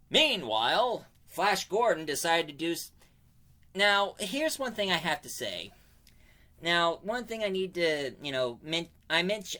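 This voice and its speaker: A man's voice: a little high, bright, forceful tone. A man giving a casual spoken comic book review, rambling and digressive, often stopping to correct himself mid-sentence.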